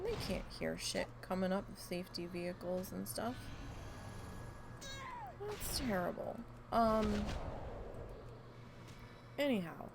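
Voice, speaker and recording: A woman's voice: mid-range voice, creaky, noisy background. A woman streamer chatting casually and telling a rambling story, acting out the lines she quotes. She sounds stuffy and is losing her voice from allergies. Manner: rambling storyteller, animated when quoting her dog. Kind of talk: casual chat during a live game stream.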